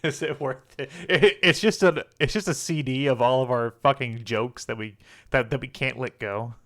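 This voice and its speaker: A man's voice: mid-range voice, moderate pace, fairly bright tone. A young man co-hosting a casual gaming podcast, joking and laughing as he rambles. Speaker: podcast co-host.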